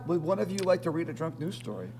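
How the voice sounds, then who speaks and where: Enthusiastic male host, lively pitch, crowd behind. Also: fast talker. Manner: enthusiastic, gushing. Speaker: podcast host. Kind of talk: casual chat.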